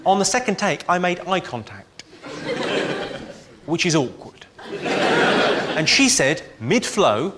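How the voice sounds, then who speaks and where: A man performing a stand-up comedy set in deadpan one-liners, with clipped delivery. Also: a little high, takes it slowly, pauses often. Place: large venue with live audience. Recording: live show with loud crowd laughter and noise.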